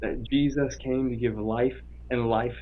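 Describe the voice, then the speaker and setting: A young man in his late twenties gives a heartfelt personal testimony as a podcast guest, pressing hard on key words. His voice sits in an ordinary male pitch. The recording sounds a little dull and lo-fi. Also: steady tone, measured pace. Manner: earnest, emphatic, vivid retelling.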